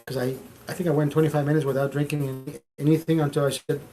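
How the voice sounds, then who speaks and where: A middle-aged man hosting a stream, telling a story in casual, profane, animated talk, repeating phrases for emphasis. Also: fairly high pitch, quick pace, faint music behind. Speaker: streamer host.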